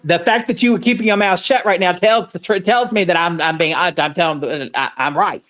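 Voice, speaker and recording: A man's voice: sits high, fairly quick, fairly bright tone, soft background music. Blunt, rambling male podcast co-host. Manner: rambling, blunt, swears freely. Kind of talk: casual chat.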